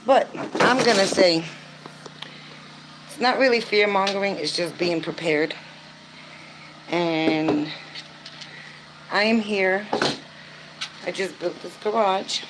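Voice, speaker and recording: A woman's voice: mid-range voice, takes it slowly, pauses often, noisy background. An older woman vlogging casually to camera, chatty and earnest, with frequent filler words. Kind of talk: casual vlog talk to camera.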